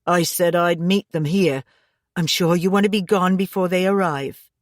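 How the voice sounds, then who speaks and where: A woman's voice: on the low side, steady tone, normal speed, no room sound, natural voice. Woman reading a tense father in an audiobook, middle-aged, curt, defensive, dry close sound.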